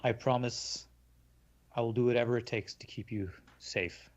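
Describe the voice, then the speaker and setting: A man's voice: mid-range voice, fairly even intonation, moderate pace, highs cut off, lightly acted. A man voicing an earnest male protector who reassures a child in a tabletop game.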